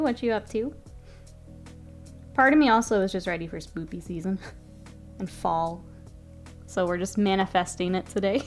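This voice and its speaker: A woman streamer chatting casually with her live chat while she works, often murmuring softly, laughing easily, with a stuffy nose. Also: mid-range voice.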